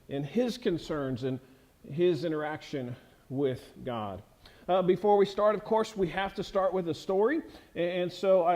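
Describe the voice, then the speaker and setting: A pastor delivering a sermon in a church, talking conversationally with many fillers and restarts. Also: male voice, high voice, darkish tone.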